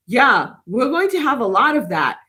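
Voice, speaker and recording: A woman's voice: on the high side, sing-song, normal speed, sharp tone. A woman hosting a casual spiritual livestream, rambling and chatty as she reads and answers viewers' live comments from home.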